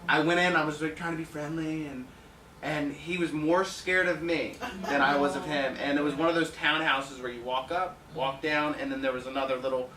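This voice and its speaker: A man's voice: fairly high pitch, steady tone, brisk, bright, forceful tone. A man telling anecdotes in a conference talk, chatty, laughing often and acting out the people he quotes. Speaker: home inspector speaking at a conference. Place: conference room with an audience. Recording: echoey room, mic heard from far, audience noise.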